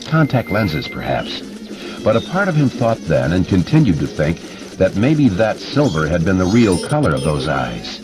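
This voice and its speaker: A man giving expressive, measured narration of a horror audiobook. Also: low-pitched. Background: music.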